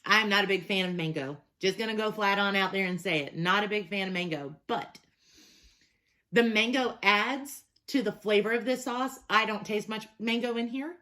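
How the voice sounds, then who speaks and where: Brief: upbeat young woman, casual product reviewer, mid-pitched and chatty. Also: normal speed, pushed and bright. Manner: chatty and enthusiastic, reads labels aloud. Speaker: hot sauce reviewer.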